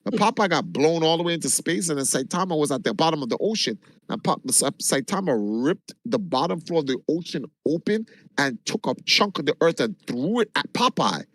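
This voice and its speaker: A man from Jamaica, a livestreamer, telling a long story in an animated, casual way and swearing freely. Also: on the high side, a little fast, dry recording. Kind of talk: casual chat.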